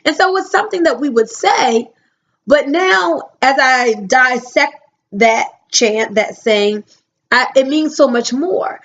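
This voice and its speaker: A woman giving a motivational talk, emphatic, stretching her key words out slowly. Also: high-pitched, fairly bright tone, muffled recording. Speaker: motivational speaker.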